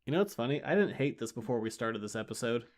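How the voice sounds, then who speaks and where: A man's voice: mid-range voice, animated. A man co-hosting a podcast, recapping a comic in casual, sarcastic, exasperated chat. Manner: sarcastic, exasperated, does quick character voices. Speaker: podcast co-host.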